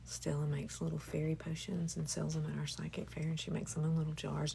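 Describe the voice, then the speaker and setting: A woman leading a spiritual healing session, moving between hushed whispering and lively chat. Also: sits low, fairly quick, vocal fry, few pauses, noisy background. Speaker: Reiki healer.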